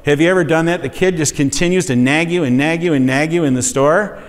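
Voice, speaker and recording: A man's voice: fairly high pitch, fast talker. Man preaching in a reverberant hall. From USA. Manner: conversational, asks the congregation questions. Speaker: pastor. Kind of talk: sermon teaching. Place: church sanctuary.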